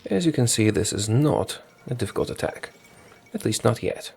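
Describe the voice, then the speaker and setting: A man with a gravelly, slightly husky voice narrates his strategy game in a casual, thinking-aloud way. His pitch moves a lot, rising and falling as he talks straight to his units and corrects himself mid-thought. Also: lively intonation, normal speed, darkish tone, soft background music. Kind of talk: casual gameplay commentary.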